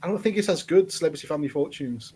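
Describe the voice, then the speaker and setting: A man with a somewhat high voice co-hosts a live advice stream over a webcam, with faint noise behind him. He banters casually, teases, and laughs at his own puns. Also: lively intonation, rapid-fire, darkish tone. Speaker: advice show co-host.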